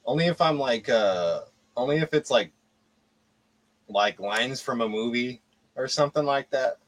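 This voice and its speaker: A man's voice: medium pitch, lively intonation, unhurried, no echo. An American man in a casual chat, curious and hesitant, full of likes and restarts. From United States. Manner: curious, hesitant, many fillers.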